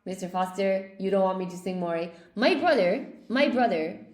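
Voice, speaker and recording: A woman's voice: mid-range voice, lively intonation, moderate pace, darkish tone, roomy sound. A woman teaching a live online English class, cheerfully praising students by name as she goes through quiz answers.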